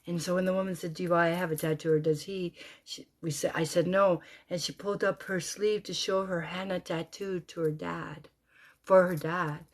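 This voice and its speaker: Woman storyteller, casual and animated, low-ish voice, shifts from whispers to loud bursts. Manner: animated, swinging between hushed whispers and loud exclamations.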